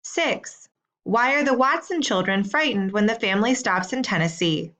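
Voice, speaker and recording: Woman teacher giving slow clear instructions. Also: medium pitch, lively intonation, a bit bright. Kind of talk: recorded assignment instructions.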